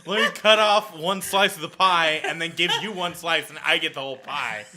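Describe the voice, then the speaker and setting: A man's voice: a little high, moderate pace, sharp tone. A man co-hosting a podcast in casual chat, telling stories with crude humor and frequent laughter. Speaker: podcast co-host.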